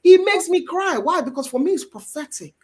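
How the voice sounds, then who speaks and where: Animated woman with a Nigerian accent. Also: extremely high pitch, brisk. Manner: animated, emphatic preacher-like delivery. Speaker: guest mentor. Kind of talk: faith-based marriage teaching.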